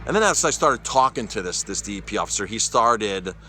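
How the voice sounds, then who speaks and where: A man with a somewhat low, bright, forceful voice recounts a story to his viewers in a casual vlog. He talks in an animated way and keeps restarting and repeating words as he goes. He sounds like an everyday speaker, not a polished presenter. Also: a little fast, a little hiss or hum. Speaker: chef and cyclist vlogger.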